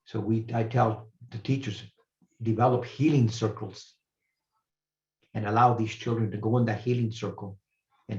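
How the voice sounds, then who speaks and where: An older man, a retired professor, giving an earnest, reflective talk as a guest speaker, pausing and restarting as he shares a personal story. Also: on the low side, vocal fry, darkish tone. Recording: roomy, slightly muffled recording.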